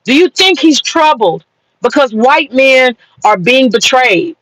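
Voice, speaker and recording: A woman's voice: high-pitched, animated, a little slow, fairly bright tone, no echo, rough recording. A woman in a parked car ranting on a live stream to her viewers, mocking a commenter, swearing, and bursting into long laughter. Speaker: livestreamer. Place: parked car in a parking lot.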